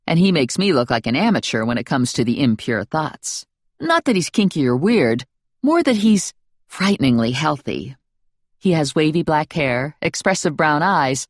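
Low, lively woman reading first-person fiction, wry and playful, dry close studio sound. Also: dry recording. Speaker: audiobook narrator. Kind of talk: first-person audiobook narration.

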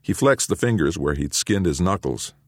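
A man narrating an audiobook in an expressive storytelling manner. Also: low voice, normal speed, no room sound, studio quality. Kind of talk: scripted narration.

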